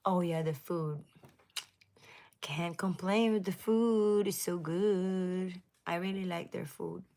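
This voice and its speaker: A woman hosting a casual livestream, chatting with viewers, laughing often and sometimes dropping into a soft whisper. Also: on the low side, fairly even intonation, slow pace, creaky. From United States. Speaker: livestream host.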